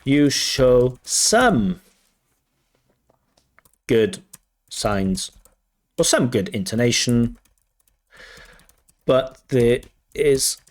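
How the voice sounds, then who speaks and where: A man working as a language test examiner, giving spoken feedback in a measured, think-aloud way and correcting himself as he goes. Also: medium pitch. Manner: measured, reads out band descriptors and questions them.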